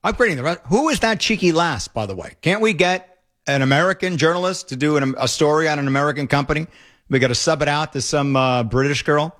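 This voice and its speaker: Middle-aged male talk radio host, opinionated, sarcastic, rambling; a touch higher than most men. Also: fast, fairly bright tone.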